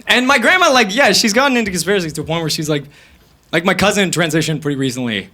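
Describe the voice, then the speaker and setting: A man's voice: sits high, expressive, fast talker, pushed and bright. A young man in his twenties doing stand-up comedy on stage before a live audience, rambling and profane.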